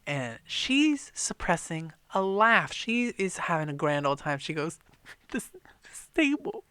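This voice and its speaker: An animated man co-hosts a casual book podcast, retelling the story with cursing and quick acted-out lines. His voice is bright and forward. The recording is close and dry. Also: a little high, clear, resonant tone, dry recording. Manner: animated, profane, acts out lines. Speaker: podcast co-host. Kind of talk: casual book-club chat, retelling the plot.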